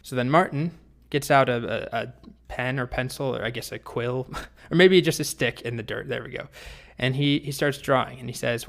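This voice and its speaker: A man teaching programming, telling a story in a playful, lively way before the lesson. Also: medium pitch, moderate pace, creaky. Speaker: programming instructor. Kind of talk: storytelling tutorial.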